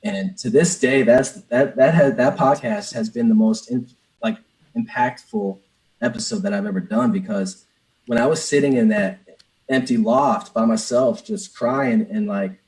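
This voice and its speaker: A man's voice: medium pitch, big pitch swings, normal speed, darkish tone, low-quality recording. A business coach, a man, speaking openly in an interview and telling a personal story with many restarts. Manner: earnest, open, lots of restarts and "man". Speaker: business coach, podcast guest.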